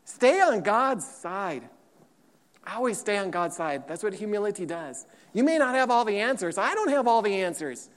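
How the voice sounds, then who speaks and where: A man preaching a sermon as pastor, emphatic and lively, repeating points and acting out quotes. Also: high voice, moderate pace. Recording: long hall reverb.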